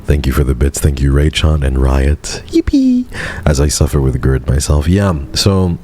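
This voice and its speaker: Man, very low mellow voice, soft-spoken, monotone, sore throat, casual stream chat. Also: normal speed, a little hiss or hum. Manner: soft-spoken and subdued, flat monotone delivery. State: sore throat, speaking gently to spare it. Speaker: VTuber streamer.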